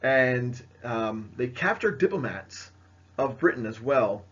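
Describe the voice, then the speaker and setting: A man's voice: medium pitch, lively intonation, slow pace, a bit bright, husky, highs cut off. A man giving a casual history lecture, full of fillers and asides as he points to slides. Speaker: history teacher. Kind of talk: recorded classroom lecture.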